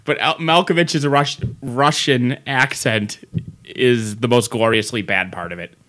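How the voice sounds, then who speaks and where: A man co-hosting a podcast in casual chat, talking in animated, profane, enthusiastic rants with bursts of laughter. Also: mid-range voice, a little slow. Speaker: podcast co-host.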